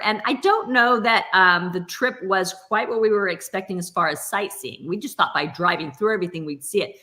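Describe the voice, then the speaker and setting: Bright-voiced woman telling stories. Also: medium pitch, moderate pace, hardly any pauses. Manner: animated storyteller who laughs often. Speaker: guest author. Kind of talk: casual chat.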